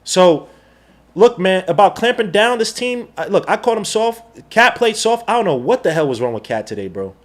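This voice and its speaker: A man hosts a live basketball watch-along, talking fast and slangy like an excited fan. His voice sits high and swings up and down a lot. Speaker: podcast host.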